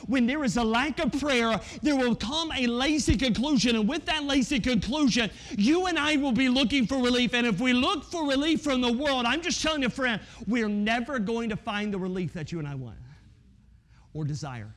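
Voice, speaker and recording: High-voiced preacher, conversational and earnest. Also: male voice, normal speed. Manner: conversational preaching, acts out imagined listeners, drops to soft intense tones. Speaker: pastor. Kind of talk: sermon.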